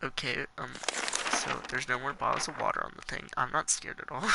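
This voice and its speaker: A man's voice: medium pitch, steady tone, a little fast, gravelly, noisy background. A man reading game text aloud and commenting casually, playful and giggly, with jokey asides between the lines. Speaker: let's play gamer.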